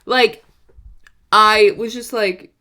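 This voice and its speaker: A woman's voice: on the high side, extremely slow. A woman in her twenties telling a dating story in a rambling, casual way, with lots of "like" and "you know". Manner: animated, acts out quoted lines. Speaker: vlogger.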